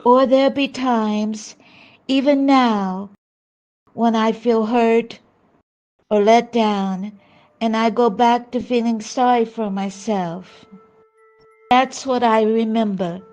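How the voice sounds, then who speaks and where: An older woman recounts a spiritual memory in a slow, earnest way. Her voice sits slightly high and unhurried. Quiet music plays faintly behind her. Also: fairly even intonation. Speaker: spiritual storyteller. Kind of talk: reflective personal testimony.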